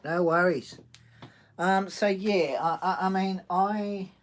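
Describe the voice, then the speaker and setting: A man hosting a casual livestream, talking haltingly with many restarts and reading chat comments aloud. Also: high voice, steady tone.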